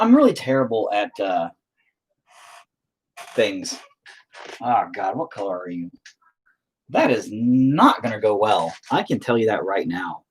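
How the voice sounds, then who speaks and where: A man with a rural Southern US accent hosts a painting video, chatting casually as he works. His voice is lowish and a little rough, and he rambles, swears and pokes fun at himself.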